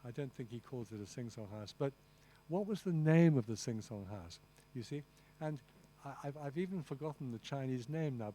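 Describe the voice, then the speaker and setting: A man with a fairly high but dark-toned voice lectures at a translation master class in a lecture room. Enthusiastic and rambling, he keeps restarting, makes many asides to the audience, and says "you see" often.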